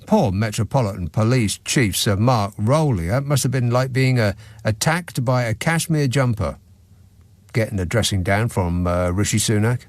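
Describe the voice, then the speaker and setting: On the low side and at a moderate pace, his voice carries no echo. He hosts a radio phone-in through a studio microphone, offering opinionated monologue in a dry-witted, sarcastic, mocking manner.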